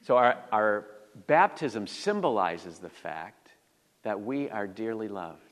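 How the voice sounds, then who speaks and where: A man's voice: fairly low pitch, very animated, takes it slowly. A man preaching a sermon to his congregation in a conversational style, asking his listeners questions as he goes. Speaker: pastor. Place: church sanctuary. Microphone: handheld or stand mic. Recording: long reverb of a church hall.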